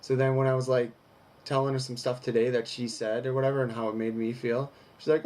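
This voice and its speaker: A man's voice: medium pitch, level tone, a little fast, darkish tone. Frank man in a casual personal vlog. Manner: reads from an article, then rambles in frank reflection with profanity. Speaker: vlogger.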